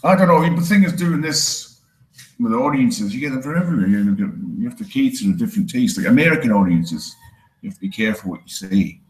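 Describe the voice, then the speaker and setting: A Scottish man performs stand-up in a roomy club, and his voice carries a clear echo off the walls. He sits at a middle pitch and rambles through self-mocking jokes, swearing freely. Years in Canada have rounded off his Scottish accent. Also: lively intonation, brisk. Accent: Scottish, with some Canadian. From Scotland. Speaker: stand-up comedian. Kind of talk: stand-up comedy set.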